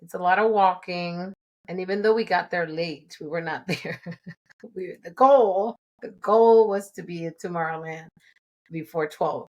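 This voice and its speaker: A woman's voice: fairly low pitch, moderate pace, a little mellow. Chatty accented woman in her forties. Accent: non-native English accent. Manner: candid and chatty, laughs often between thoughts. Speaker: podcast host. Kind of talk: casual solo podcast monologue.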